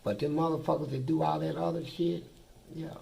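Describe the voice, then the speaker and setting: An older man with a deep, heavily gravelly voice tells his stories bluntly, swearing freely and talking in a streetwise way. He speaks as a guest answering in an interview. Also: steady tone, a little fast, dark tone, low-quality recording. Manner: blunt, profane, streetwise storytelling. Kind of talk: casual storytelling.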